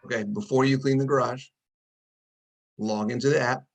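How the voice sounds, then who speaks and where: A male coach hosts an interview over a video call. His voice sits at a mid pitch. He gives clear, short instructions and answers with quick affirmations. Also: steady tone, low-quality recording. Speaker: coach and host.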